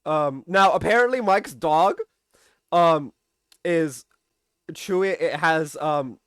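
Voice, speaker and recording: A chatty man with a fairly high voice recaps a TV episode in a casual, loose way. He keeps checking in with the listener and drops the odd curse word. The recording is close and dry, with no room sound. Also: slow, a bit bright, clean tone, no echo. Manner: chatty, keeps asking "right?", swears casually, laughs often. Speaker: TV episode reviewer.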